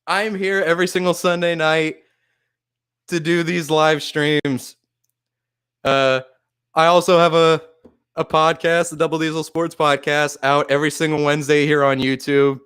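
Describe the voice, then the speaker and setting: A man's voice: a little high, flat delivery, normal speed, a bit bright, smooth. A man hosting a casual sports live stream, overwhelmed and near tears, laughing often and swearing as he thanks viewers. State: overwhelmed, shaky, close to tears.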